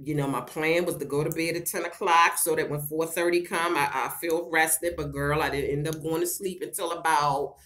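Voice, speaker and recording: A woman's voice: low-pitched, steady tone, normal speed, few pauses, fairly bright tone. A middle-aged woman vlogging in a casual chat to camera, talking frankly to her viewers, with laughter and a lot of swearing. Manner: frank, profane and laughing, talks straight to viewers as "girl".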